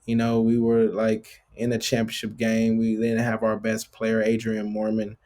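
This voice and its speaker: A man's voice: on the low side, moderate pace. A man in his late thirties, a basketball player as interview guest, telling stories loosely with lots of filler words. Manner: loose and filler-heavy, constant "like" and "bro", animated retelling. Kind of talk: casual storytelling interview.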